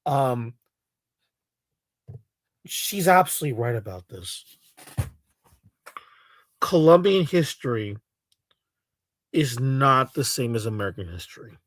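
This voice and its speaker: A man giving casual, halting reaction commentary on a clip, scoffing and repeating himself. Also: medium pitch, lively intonation, dry recording. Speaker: reaction streamer.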